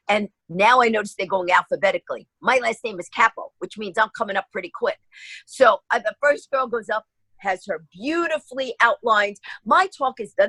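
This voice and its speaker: A woman's voice: mid-range voice, husky, no room sound, low-quality recording. A woman from New York telling stories as a radio interview guest, acting out the voices of people in them. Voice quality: lively, acts out voices in her stories. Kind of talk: animated storytelling in a radio interview.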